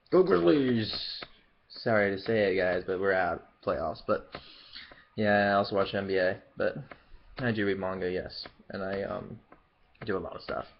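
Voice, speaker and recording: A man's voice: low-pitched, steady tone, moderate pace, a little hiss or hum. Rambling young man, lo-fi home vlog. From Memphis, Southern US. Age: young adult. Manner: rambling, hesitant, with frequent fillers and restarts. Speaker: YouTuber. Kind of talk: casual Q&A vlog.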